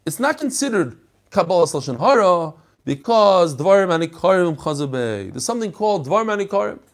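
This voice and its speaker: A man's voice: high voice, very animated, a little fast. A man teaching a text study lesson, explaining passages and animatedly acting out the story.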